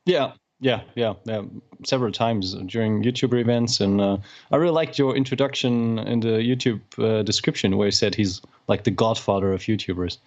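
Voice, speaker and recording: A man's voice: lowish voice, a little fast, hardly any pauses, a little mellow, muffled recording. A man co-hosting a podcast in casual chat, easygoing and agreeable, speaking into a studio podcast mic. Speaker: podcast co-host.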